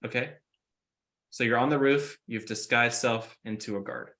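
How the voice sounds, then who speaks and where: Bright-voiced man running a tabletop game. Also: mid-range voice, moderate pace. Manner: casual, many fillers, describing scenes. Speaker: game master.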